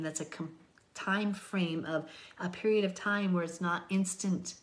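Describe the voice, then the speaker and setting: A woman's voice: fairly low pitch, lively intonation, moderate pace. A woman teaching from the Bible, reading scripture aloud and commenting in an earnest, pleading way that sometimes drops to a whisper.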